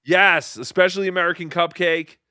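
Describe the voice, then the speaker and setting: A male host chats casually through viewer messages, joking and dipping into quick impressions. His voice is fairly high and bright, with lively swings in pitch. It sounds dry and close to the mic. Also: clear, resonant tone, no echo. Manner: riffing, jokey, slips into silly impressions. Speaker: show host. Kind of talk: casual livestream chat, reading viewer messages.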